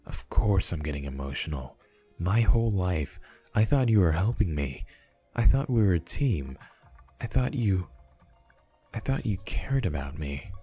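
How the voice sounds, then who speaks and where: A bitter, betrayed young man, read aloud by a man in a low, husky, dark voice. His words turn pleading and sarcastic. Faint music plays behind. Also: lively intonation, moderate pace, few pauses, full character voice. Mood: hurt. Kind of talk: reading a visual novel aloud.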